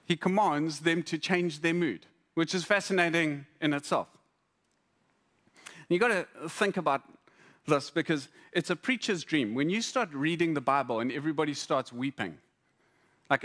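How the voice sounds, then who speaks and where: A man preaching a sermon to a congregation, conversational and humorous, with lively repetitions. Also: on the high side. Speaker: pastor. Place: church hall before a congregation.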